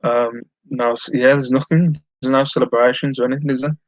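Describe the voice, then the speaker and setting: Here a man runs a live stream from home, reading his viewers' messages and rambling along with self-deprecating jokes in a casual chat. He speaks fairly quickly in a steady, mid-range voice. The audio is dull, though free of echo.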